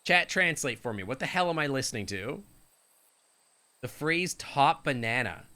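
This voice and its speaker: Canadian guy streaming a game; bright voice, rambling jokey banter with chat. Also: medium pitch, very animated, moderate pace. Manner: rambling, jokey, chatting with viewers. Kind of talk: live game stream commentary.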